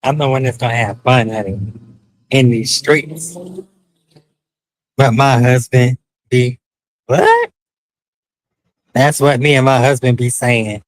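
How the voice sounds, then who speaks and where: A man's voice: mid-range voice, steady tone, unhurried, pauses often, low-quality recording. A man hosting a casual live stream while walking city streets at night, flamboyant and profane, calling his viewers honey with sing-song outbursts.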